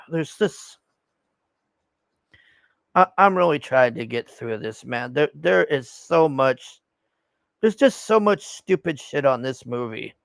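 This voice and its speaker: A man's voice: mid-range voice, expressive, slow pace, gravelly, pauses often, a bit bright, no room sound. A young man giving a rambling, profane, casual movie review, sighing in exasperation.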